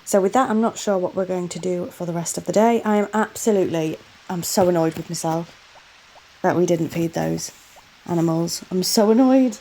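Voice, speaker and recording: A woman's voice: lowish voice, steady tone, moderate pace, mellow, low-quality recording. A woman host doing a chatty voiceover for a game playthrough, often exclaiming in exasperation at herself. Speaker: gaming channel host.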